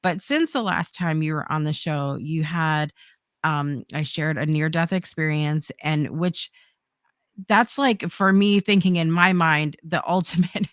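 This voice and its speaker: A woman's voice: deep voice, unhurried, smooth, no echo. A woman talk show host who thinks aloud as she speaks, with frequent restarts. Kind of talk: interview talk.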